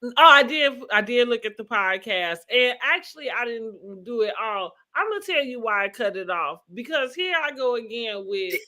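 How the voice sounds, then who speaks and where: A woman's voice: a little high, lively intonation, normal speed, sharp tone. A woman co-hosting a casual reality-TV recap podcast, talking through the drama with rhetorical questions and easy laughs. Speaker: podcast co-host.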